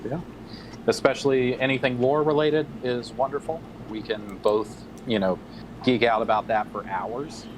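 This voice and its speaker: A man's voice: medium pitch, steady tone, normal speed, noisy background. A young man co-hosting a livestream on his phone, chatty and upbeat. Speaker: livestream co-host, lore writer. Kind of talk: casual livestream chat. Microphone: phone mic.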